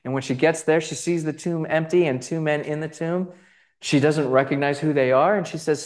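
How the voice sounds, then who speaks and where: A man's voice: a little high, moderate pace, a little mellow. A man giving a conversational lecture on gospel icons, full of fillers, restarts and asides. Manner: conversational, many fillers and restarts, checks in with "right?". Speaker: Bible teacher.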